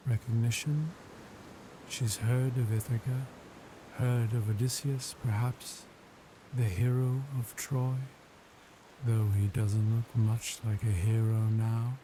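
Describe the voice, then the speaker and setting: Slow, soothing male sleep-story narrator. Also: mid-range voice. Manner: soothing, unhurried. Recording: steady ambient background noise. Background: ambient sea sounds.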